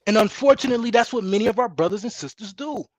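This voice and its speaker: A man's voice: sits high, fast, a little mellow, no room sound. A man who is a guest in a heated panel debate, defensive and insistent, repeating himself to get a word in. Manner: defensive, insistent, calls others bro.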